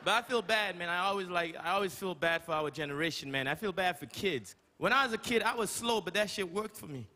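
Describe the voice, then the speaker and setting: A man from Canada doing a stand-up comedy set, with a loud, profane, punchy delivery. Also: sits high, lively intonation, quick pace, few pauses. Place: large comedy stage with live audience. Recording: loud crowd and room noise.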